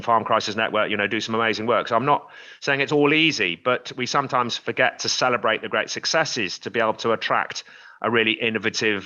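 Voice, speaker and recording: Upbeat bright-voiced English farmer. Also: male voice, fairly low pitch, muffled recording. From England. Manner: upbeat, enthusiastic. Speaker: farmer and TV presenter. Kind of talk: casual interview talk.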